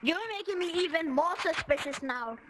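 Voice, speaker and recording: A high-pitched woman plays out a silly role-play inside a VR game. She talks in a dramatic, excitable way and breaks into sudden shouts. Her headset mic sits in a noisy capture full of game clicks. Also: moderate pace. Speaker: gamer making a VR game movie.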